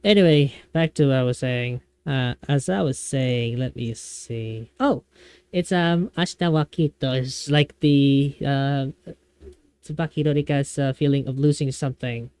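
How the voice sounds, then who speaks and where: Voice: medium pitch, a little slow, darkish tone, clean tone, no room sound. A young adult VTuber streamer, chatting casually on a livestream in a rambling way, with many fillers and restarts.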